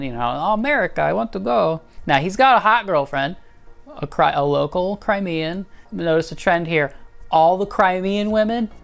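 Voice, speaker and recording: Woman host, low voice, sarcastic and foul-mouthed, breaks into goofy voices to mock the characters. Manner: sarcastic, profane, mocks characters in silly quoted voices. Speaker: video essay host. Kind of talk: comedic movie review.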